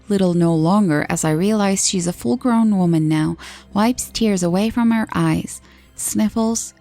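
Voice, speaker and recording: A woman narrating a scripted horror story in first person in a steady, earnest storytelling manner. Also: medium pitch.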